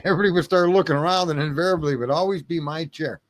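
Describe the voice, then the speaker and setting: A man's voice: fairly high pitch, rapid-fire. Rambling late-night man, profane and laughing. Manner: rambling, self-mocking, lots of throat clearing. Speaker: livestream host. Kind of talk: late-night livestream chat. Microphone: home streaming mic.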